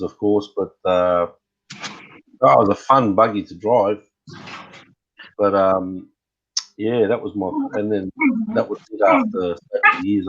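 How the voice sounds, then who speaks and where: A man's voice: fairly low pitch, breathy edge, highs cut off. A middle-aged man chatting casually as a guest on a live stream, rambling and hesitant with many fillers. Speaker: guest RC hobbyist.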